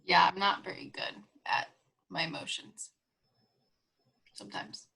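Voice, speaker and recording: A woman's voice: on the low side, creaky, pushed and bright, breathy edge. A young adult woman, a client in a coaching group, chatting casually with frequent restarts and "like" fillers. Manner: halting, restarts and many "like" fillers.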